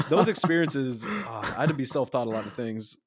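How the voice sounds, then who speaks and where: A man's voice: mid-range voice, sing-song, normal speed. A young man co-hosting a podcast, joking around and laughing often, with many fillers. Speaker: podcast co-host. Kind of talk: casual chat.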